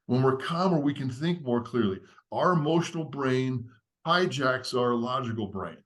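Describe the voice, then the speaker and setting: A man's voice: medium pitch, expressive, moderate pace, fairly bright tone. Man, podcast guest, earnest, teacherly, structured explanation. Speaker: podcast guest, leadership author. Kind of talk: explaining a framework in conversation.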